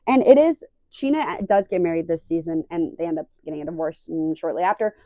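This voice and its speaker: A young woman casually recapping a reality show, animated and acting out the quoted lines. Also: fairly low pitch, a little fast, no echo. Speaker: recap vlogger.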